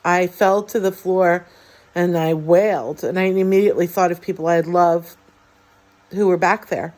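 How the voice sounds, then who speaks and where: A woman in her forties from the United States telling a personal story from her life, halting and heartfelt, with many fillers and restarts. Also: lowish voice, fairly even intonation, a little mellow. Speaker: vlogger.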